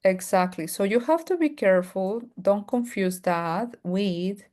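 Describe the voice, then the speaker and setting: A woman with a Mexican Spanish accent, a native Spanish speaker, teaching an online English pronunciation class and slowly repeating model words. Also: medium pitch, expressive, a little mellow.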